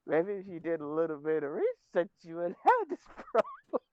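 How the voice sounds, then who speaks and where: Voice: mid-range voice, wildly swooping pitch, moderate pace, highs cut off, slight background noise. A podcast co-host on a remote call, teasing and laughing often in casual chat. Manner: teasing, laughs often, swings between mumbling and squealing.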